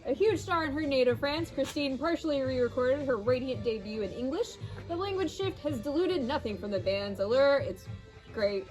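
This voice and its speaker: A woman's voice: sits high, lively intonation, moderate pace, soft background music. A young woman from Ohio co-hosting a casual record-store rundown, reading release blurbs in an upbeat way and laughing easily.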